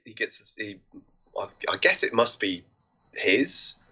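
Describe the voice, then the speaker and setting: A man in a casual chat, halting and loose, with casual swearing. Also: lowish voice, big pitch swings, pushed and bright. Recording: muffled lo-fi mic.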